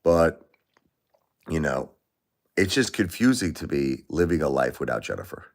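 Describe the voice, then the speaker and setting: Deep-voiced grieving man livestreaming. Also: big pitch swings, normal speed, gravelly. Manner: grieving, repeats himself, emotional swings. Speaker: livestream host. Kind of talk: emotional livestream talk to viewers.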